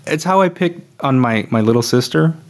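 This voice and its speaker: A man's voice: mid-range voice, expressive, moderate pace. A man in his thirties hosting a casual podcast, talking in a dry, teasing way. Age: 30s. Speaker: podcast host.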